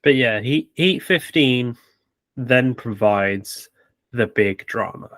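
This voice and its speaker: A man co-hosting a podcast, giving opinionated, measured analysis in casual chat. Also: mid-range voice, a bit bright, no room sound. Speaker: podcast co-host.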